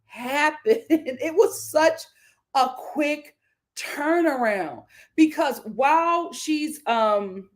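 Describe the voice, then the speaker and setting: A woman hosting a live reality TV recap, animated and exclamatory, laughing often. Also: high-pitched, drawn-out words. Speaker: reality show recap host.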